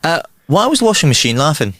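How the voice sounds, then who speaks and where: A man's voice: a little high, big pitch swings, fast talker, a bit bright, dry recording, studio quality. A man, co-hosting a podcast, reading jokes in a playful, giggly way. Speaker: podcast co-host. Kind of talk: casual chat, reading jokes aloud.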